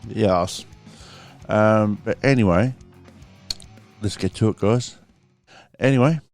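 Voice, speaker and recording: A man's voice: lowish voice, takes it slowly, creaky, darkish tone, soft background music. A man hosting a podcast in casual chat, rambling with fillers and plenty of swearing. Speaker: podcast host.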